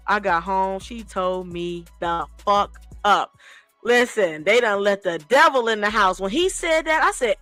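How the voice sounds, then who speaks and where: A woman spins a long comic story in loose, profane chat. Her voice sits at an ordinary middle pitch and stays lively as she acts out the people in it. The room is dry, and soft music plays underneath. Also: a little slow, dry recording.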